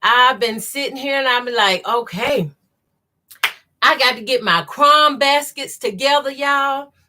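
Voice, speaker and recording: Bright-voiced Southern woman chatting on a live stream. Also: high-pitched, a little slow, a little hiss or hum. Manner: chatty, greets viewers by name, reads comments aloud; says y'all a lot. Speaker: quilting channel host. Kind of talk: live stream chat while sewing.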